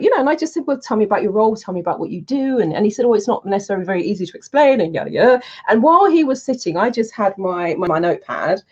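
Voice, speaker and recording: A woman coaching on public speaking tells stories casually, with a low-set voice. She is animated and acts out her own past lines as she goes. The recording is a little dull and lo-fi. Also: husky. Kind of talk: casual storytelling to camera. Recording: dull lo-fi sound.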